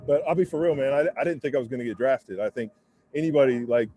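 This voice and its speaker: Man in his 40s, ex-football lineman guest, mellow dark tone, mid-range pitch, relaxed candid storyteller. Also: fast, a little hiss or hum. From United States. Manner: laid-back and candid, heavy on fillers like "man" and "you know"; acts out other people's lines while telling stories. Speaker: interview guest, former pro football lineman. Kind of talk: casual storytelling interview. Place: windy rooftop, outdoors.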